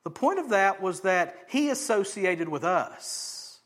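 A man with a notably high voice delivers a sermon. He moves between hushed, almost whispered passages and loud, emphatic lines, and he briefly acts out the people in his story. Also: lively intonation, slow. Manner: dynamic preacher, swings from loud emphasis to hushed near-whisper; acts out quoted voices of crowds and Jesus. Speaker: pastor.

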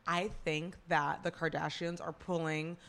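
A woman's voice: sits low, little pitch movement, measured pace, gravelly, a bit bright. A woman co-hosting a casual celebrity gossip chat, talking chattily with lots of "like" and strong opinions. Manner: chatty, heavy use of "like", opinionated. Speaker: podcast co-host.

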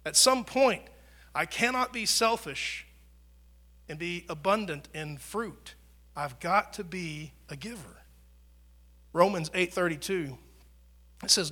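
A male pastor preaching a sermon in a church, conversational, swelling louder and dropping soft for emphasis. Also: high voice. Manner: conversational preaching, rises and drops in volume for emphasis.

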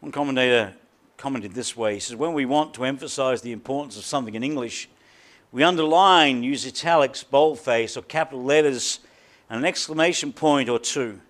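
A male pastor with a mid-range voice preaches a sermon emphatically. He repeats himself deliberately and drops dramatically to a quiet voice.

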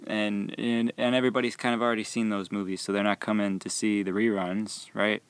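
Young man with a gravelly, dry voice. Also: fairly low pitch, fairly quick, dry recording. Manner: rambling, animated, laughs while telling. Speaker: movie theater concession worker. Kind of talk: casual storytelling about work.

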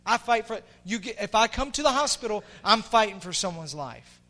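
A middle-aged man preaching a sermon as pastor, impassioned, dropping to hushed tones and rising to shouts. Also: high-pitched, expressive, brisk.

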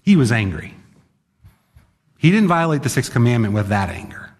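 A man's voice: medium pitch, big pitch swings, normal speed, a little mellow. A male pastor preaching a sermon in a conversational, emphatic way, sometimes acting out the voices of others. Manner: emphatic, conversational, acts out quotes. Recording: long hall reverb.

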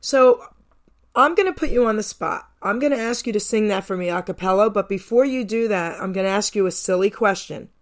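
A woman's voice: mid-range voice, a little fast. A woman from New Jersey hosting a radio show, interviewing a guest casually, enthusiastic and effusive, firing off several questions in a row.

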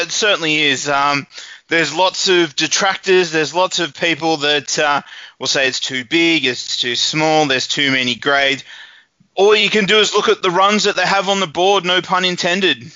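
Australian co-host, 30s, very bright and sharp voice, dry slightly dull sound; casual sports chat. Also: male voice, on the high side, dry recording. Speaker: cricket correspondent, co-host.

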